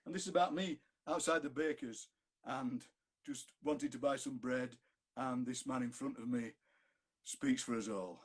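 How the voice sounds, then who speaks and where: Husky Yorkshire man reading poems. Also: mid-range voice, normal speed. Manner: chatty, jokey, reads verse aloud. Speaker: poet reading at an online fundraiser. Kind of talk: poetry reading with chat. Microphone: video call.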